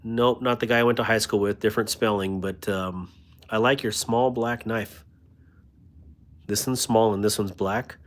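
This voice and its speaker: The host of this knife livestream is a man whose voice runs on the low side, with fairly even intonation and a normal speed. He keeps it casual, chatting about knives, reading viewers' comments and joking at his own expense while warmly thanking them.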